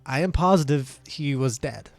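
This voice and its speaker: A man's voice: mid-range voice, expressive, normal speed, no echo, lightly acted. A man voicing a matter-of-fact male witness who answers with hesitant fillers. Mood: flat.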